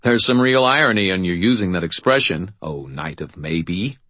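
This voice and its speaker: A man's voice: low-pitched, expressive, moderate pace, sharp tone, dry recording, heavily acted. A man voicing a wry adult male hero with a sardonic, teasing way of talking.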